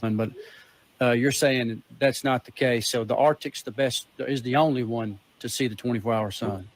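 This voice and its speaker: A man with an average pitch asks curious questions and talks them through aloud. His delivery is easygoing and conversational. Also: steady tone, moderate pace.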